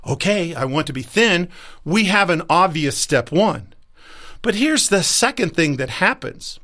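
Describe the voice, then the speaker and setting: A man's voice: sits high, sing-song, measured pace, bright, forceful tone. A man who works as a life coach, giving an emphatic motivational talk and acting out the voices he quotes.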